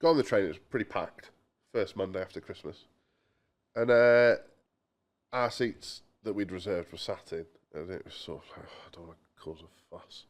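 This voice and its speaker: Man, very deep voice, chatty storyteller, casual podcast host. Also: normal speed. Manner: chatty storyteller, quotes people in voices, mild swearing.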